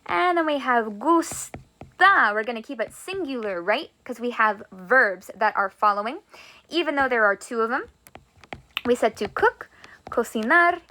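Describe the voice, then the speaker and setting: A woman teaching a Spanish grammar lesson, upbeat and encouraging, slowing down to draw out her examples. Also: high voice, sharp tone.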